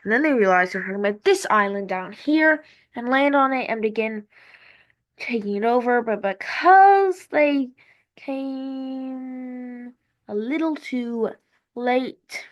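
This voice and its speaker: A woman talks through a map timeline at an unhurried pace. Her pitch swings widely as she rambles and corrects herself. It sounds like casual thinking out loud. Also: lively intonation, dull audio. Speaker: map-series creator.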